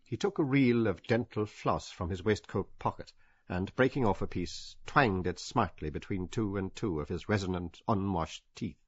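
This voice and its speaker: A man narrating a literary audiobook with measured, varied emphasis. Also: deep voice, breathy edge, no room sound. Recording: dull, dry lo-fi audio.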